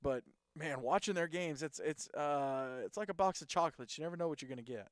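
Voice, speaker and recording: A man's voice: fairly high pitch, fairly quick, no echo, clean studio sound. A man hosting a casual sports talk show, rambling through game recaps and reading off stats. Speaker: host.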